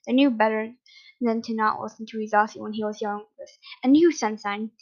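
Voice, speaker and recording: A woman reading fan fiction aloud in a plain, steady way with small slips. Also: fairly high pitch, quick pace. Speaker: reader. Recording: dull lo-fi recording.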